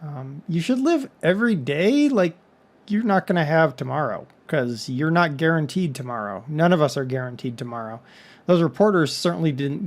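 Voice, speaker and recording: Rambling, slightly high-voiced man vlogging. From Texas. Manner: rambling, conversational, with joking asides. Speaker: vlog host. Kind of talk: casual monologue.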